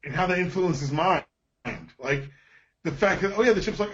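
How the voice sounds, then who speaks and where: A man's voice: high-pitched, normal speed, a bit bright. A man co-hosting a casual TV recap podcast, talking in an easygoing way with chuckles. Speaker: podcast co-host. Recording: slightly dull lo-fi audio.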